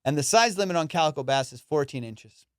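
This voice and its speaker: A man's voice: a little high, a little fast, dry recording, studio quality. A man hosting a comedy podcast, telling a story with lots of swearing and fillers. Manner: animated and profane, with lots of fillers.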